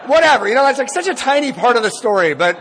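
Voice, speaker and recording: A man's voice: very high voice, sing-song, fast talker, a crowd in the background, noisy background. A man telling a personal story live in a candid, wry, self-deprecating way. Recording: long reverb in a large hall.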